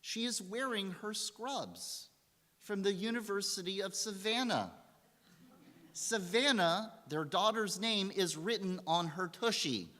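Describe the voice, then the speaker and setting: Man, rabbi, storytelling sermon, bright voice, long echo of a synagogue hall. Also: high-pitched, measured pace. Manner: animated storyteller acting out quotes. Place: synagogue sanctuary.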